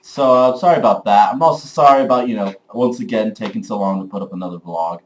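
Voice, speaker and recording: A young man vlogging in a loud, rambling, profane way, with lots of fillers. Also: on the low side, fast. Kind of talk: casual comedic rant. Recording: echoey room on a camera mic.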